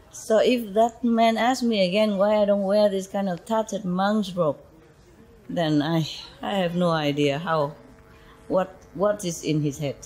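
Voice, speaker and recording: With a medium-pitched, slightly mellow voice and an unhurried pace, a woman gives a casual talk to her followers as a spiritual teacher. She tells chatty stories, laughs frequently and adds asides such as "you know," on a rough recording.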